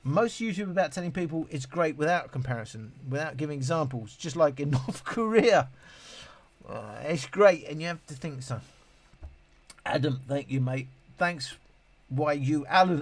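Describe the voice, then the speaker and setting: A man's voice: fairly high pitch, expressive, moderate pace. A British man hosting a casual live stream, reading viewer messages aloud and chatting in a rambling way with many restarts. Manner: self-deprecating, laughs at himself.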